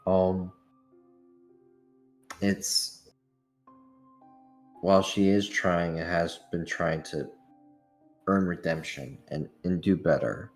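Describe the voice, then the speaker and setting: A man's voice: deep voice, steady tone, slow pace, pauses often, faint music behind. A man playing in a tabletop game, describing his character hesitantly with many fillers. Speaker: player.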